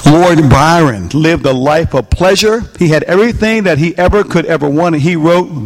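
A male pastor preaching a sermon in a folksy way, firing off rhetorical questions at his congregation and swinging between loud, emphatic lines and soft, drawn-out ones. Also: high-pitched, expressive.

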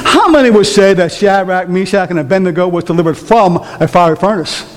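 A man's voice: high voice, fairly quick. A man preaching a sermon to his church, emphatic and rising, throwing questions at the congregation. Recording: long reverb of a church hall.

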